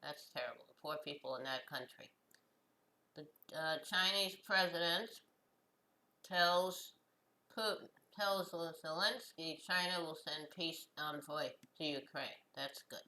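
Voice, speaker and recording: A woman hosting her own show, reading news headlines and adding short comments, slow and halting with many fillers and restarts. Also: sits low, pushed and bright, low-quality recording. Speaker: host.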